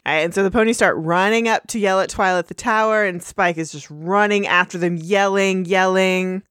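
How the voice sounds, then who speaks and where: A woman's voice: mid-range voice, normal speed, a bit bright, clear, resonant tone, no echo, studio quality. A woman co-hosting a podcast, recapping an episode in chatty, wry storytelling. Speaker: podcast co-host.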